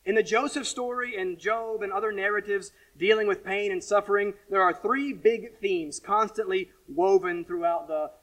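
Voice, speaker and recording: A high-voiced man preaching a sermon, earnest and searching. He swings from forceful questions down to hushed, quiet asides. The voice sounds a little distant from the mic, as in a church. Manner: earnest, rises to emphatic questions then drops to quiet asides. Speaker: pastor.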